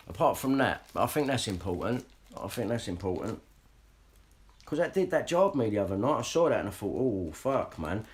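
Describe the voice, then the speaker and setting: A man ranting casually and swearing a lot as he talks straight to his livestream viewers. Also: lowish voice. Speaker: livestream vlogger.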